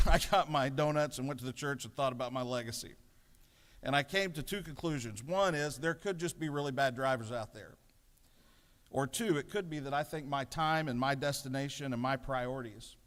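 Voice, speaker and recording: Leading the morning devotion, a middle-aged male pastor preaches at a normal speed in a medium-pitched, fairly bright voice. His sermon is a story laced with self-deprecating humor, and his words echo with the long reverb of a large legislative chamber.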